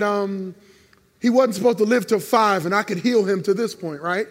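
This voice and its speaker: A man's voice: high-pitched, moderate pace, a bit bright. A middle-aged male pastor preaching in church, telling personal stories with emotion and voicing God's replies. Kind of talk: sermon. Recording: long church hall reverb.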